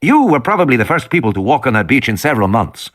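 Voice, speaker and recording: A man's voice: mid-range voice, very animated, fast talker. A man voicing a formal, careful male doctor. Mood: measured. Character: calm male Costa Rican doctor, formal.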